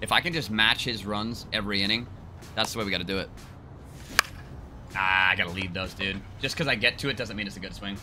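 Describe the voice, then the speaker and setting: A man giving excited, joking gameplay commentary with crude trash talk and bursts of yelling. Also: fairly low pitch, a little fast, over loud music. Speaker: gaming video creator.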